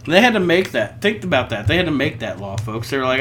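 A woman's voice: extremely low pitch, big pitch swings, fast talker, slight background noise. A woman co-hosting a podcast in casual chat, joking and breaking into whoops and laughter. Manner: jokey, bursts into loud whoops and laughter. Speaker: podcast co-host.

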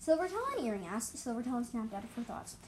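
Woman reading her dragon story out loud, higher voice, trips on words and fixes them, faint noise behind. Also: fairly even intonation, fast talker. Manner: stumbles and restarts, corrects herself aloud. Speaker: story reader. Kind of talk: reading her own fan story aloud.

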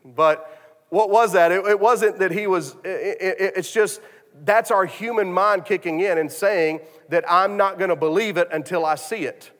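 A man's voice: high voice, moderate pace, a bit bright. A man preaching a sermon, telling a story with many restarts and repeated words. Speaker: pastor. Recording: long hall reverb.

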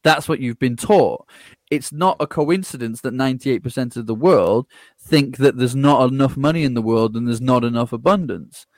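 Man, podcast guest, lively, laughs a lot, acts out others' replies, mid pitch, dry close sound. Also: moderate pace, no room sound. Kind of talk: casual podcast conversation.

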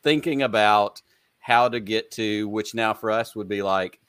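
A man's voice: on the low side, unhurried, a bit bright, smooth, no room sound. A man hosting a podcast, chatting enthusiastically with a guest and telling rambling stories. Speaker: podcast host. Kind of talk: casual interview chat.

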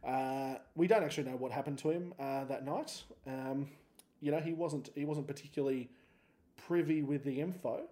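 Man, 30s, Australian accent, solo podcast host, laid-back, joking, rambling, warm mellow voice. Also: mid-range voice, normal speed.

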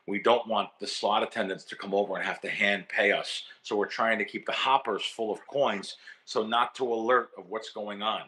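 A man voicing a tall, quiet intellectual gambler with a low, dark voice in a retold story. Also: fairly even intonation, moderate pace, hardly any pauses. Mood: confiding.

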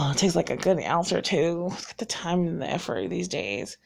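A woman's voice: on the low side, expressive, normal speed, vocal fry, a little mellow, breathy edge. Woman, about forty, from North Carolina. Casual vlogger, rambling, candid, laughs a lot. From North Carolina, raised in Virginia. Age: around 40. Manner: rambling, chatty, laughs often; frank and self-deprecating. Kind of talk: casual chat to viewers.

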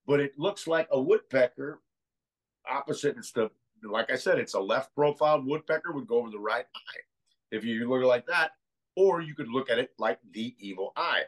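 A man's voice: medium pitch, expressive, moderate pace, low-quality recording. An American man as a podcast guest, talking casually and rambling through ideas with many restarts. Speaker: guest researcher.

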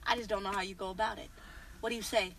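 A woman's voice: mid-range voice, steady tone, rapid-fire, fairly bright tone, far from the mic, slight background noise, poor audio. A woman in a casual chat in a car, talking hesitantly and trailing off, with a good deal of slang.

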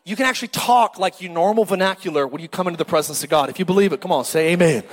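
A middle-aged male pastor preaching a lively, joking sermon and calling out to the congregation. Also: sits high, racing, long reverb tail. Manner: animated, joking, calls for crowd response.

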